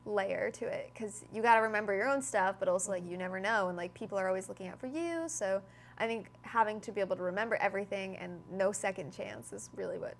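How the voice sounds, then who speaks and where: A woman's voice: medium pitch, fast, vocal fry, slight background noise. Bubbly young woman actor. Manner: bubbly, lots of "like", laughs while talking. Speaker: actor, interview guest. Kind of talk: casual interview chat.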